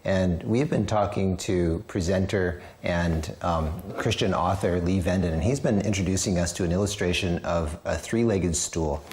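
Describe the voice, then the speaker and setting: Deep-voiced male TV show host. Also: moderate pace, few pauses, darkish tone, slight background noise. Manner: frequent short affirmations. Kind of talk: interview.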